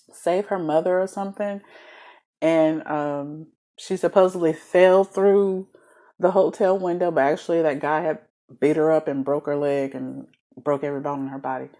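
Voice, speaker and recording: Chatty woman doing a book review vlog, giggly, voice swings up and down a lot. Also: fairly low pitch. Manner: animated, chatty, giggly, many fillers. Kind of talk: casual book review chat.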